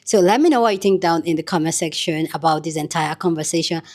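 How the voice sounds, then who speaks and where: A woman's voice: low voice, quick pace, a little mellow. A young woman with a Nigerian accent, talking casually to her viewers in a commentary vlog. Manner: chatty, addresses viewers directly. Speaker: vlogger.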